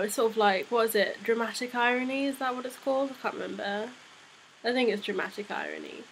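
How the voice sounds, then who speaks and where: A young woman reviewing a comic chapter in a chatty, excitable, rambling way, sounding a little unwell. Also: a little high, fast talker, vocal fry, slight background noise, poor audio. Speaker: manga reviewer. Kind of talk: casual fan review vlog.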